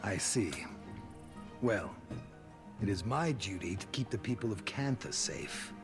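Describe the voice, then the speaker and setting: A cool stern minister. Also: male voice, lowish voice, lively intonation. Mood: coolly formal. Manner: cool, measured, faintly menacing. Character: stern male minister of security. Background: game music.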